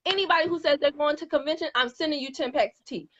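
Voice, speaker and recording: A woman's voice: sits high, fast. A woman host chatting casually and playfully, laughing often. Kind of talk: casual interview chat. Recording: dull lo-fi sound.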